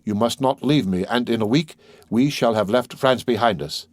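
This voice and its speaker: A man reading an audiobook voices a calm, mysterious nobleman who speaks in a measured, solemn and persuasive way. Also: medium pitch, dry recording, natural voice. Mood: commanding.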